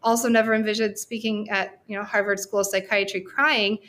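A woman's voice: mid-range voice, flat delivery, brisk, a bit bright. A woman guesting on a podcast, a researcher sharing a personal story in a candid, heartfelt, talkative way. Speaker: guest, social work researcher.

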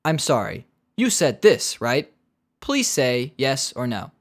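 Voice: medium pitch, pitched below the performer's own voice. Someone mimicking a droning automated phone menu. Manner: slow, flat, formal recorded announcement. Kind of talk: comedic rant.

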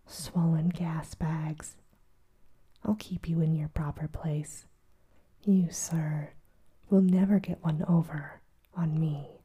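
A woman voicing a gruff, furious older male professor in a whispered role-play, growling and insulting. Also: low voice, mellow, heavily acted.

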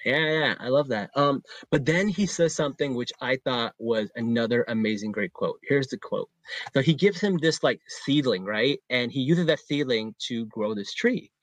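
A man co-hosting a podcast, talking in an enthusiastic, slangy way with plenty of fillers. His voice sits at a middle pitch, and the sound is dry and close. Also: animated, normal speed, dry recording, rough recording. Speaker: podcast co-host. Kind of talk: casual chat.

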